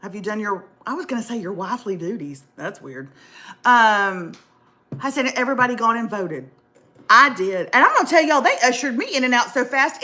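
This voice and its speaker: A middle-aged woman hosting a casual chat show, animated and jokey, calling her viewers y'all. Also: on the high side. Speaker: host.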